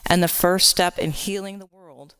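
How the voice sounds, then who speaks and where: A woman's voice: steady tone, normal speed, a bit bright, clean tone. A woman from Texas giving a church sermon in an earnest, personal way, growing impassioned at times. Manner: earnest, grows impassioned with rising pitch. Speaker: lay preacher. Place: church sanctuary.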